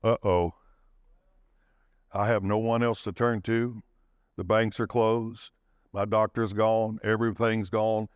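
A man preaching a sermon, swinging his pitch and pace for dramatic emphasis and calling out for the congregation's response. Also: level tone, slow pace, pauses often, clear, resonant tone, dry recording, highs cut off. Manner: calls for audience response.

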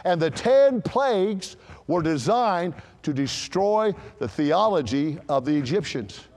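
A pastor preaching an animated sermon in a large church, asking the congregation questions and building to forceful emphasis. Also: male voice, on the high side, slow, big-room sound.

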